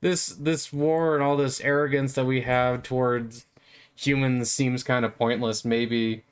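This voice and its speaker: A doubtful male high elf thinks aloud in slow, hesitant phrases, trailing off as he goes. The voice stays close to an everyday speaking voice, as a man plays him. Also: flat delivery, clean tone, close to an everyday voice. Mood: musing.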